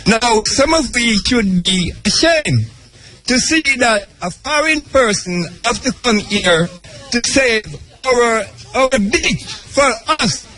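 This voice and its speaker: Older Jamaican man, slow, high bright voice, rambling welcomes. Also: animated, poor audio. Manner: rambling, formal greetings. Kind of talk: public welcome speech.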